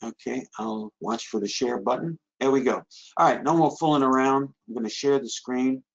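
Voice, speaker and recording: Halting man presenting over a call. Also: medium pitch, vocal fry. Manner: halting, many restarts and fillers. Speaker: guest presenter. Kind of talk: webinar presentation. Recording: dull lo-fi online call audio.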